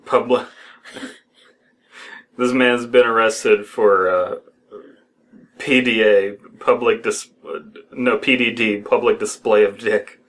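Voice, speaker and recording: Young adult man, fairly low voice, casual reader with wry, stumbly humor. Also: fairly even intonation, slow, long pauses, a bit bright. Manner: wry, jokey asides, stumbles over words. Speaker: co-host reading horror stories aloud. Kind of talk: casual reading and joking commentary.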